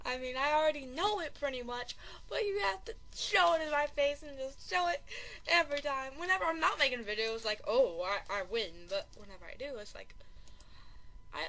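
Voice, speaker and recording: A woman giving live commentary over a video game, excitable and panicky, exclaiming and repeating herself and running herself down as a player. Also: high-pitched. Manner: self-deprecating chatter. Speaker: gaming channel host.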